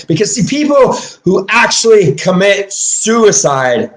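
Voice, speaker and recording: Rambling, profane man with a lively voice. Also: high-pitched, brisk, few pauses. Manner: swings from muttering to shouting; laughs between phrases.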